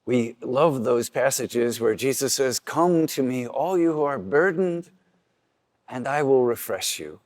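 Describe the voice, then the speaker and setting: A man's voice: expressive, measured pace, no echo. Earnest man preaching a homily. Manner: earnest preaching, acts out quoted voices with rising pitch. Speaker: priest.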